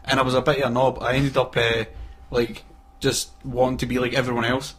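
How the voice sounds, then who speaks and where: A man's voice: medium pitch, level tone, fairly quick, fairly bright tone, slightly rough. A man in casual chat as a podcast co-host, laughing often and acting out voices in his stories. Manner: laughing, acts out quoted voices.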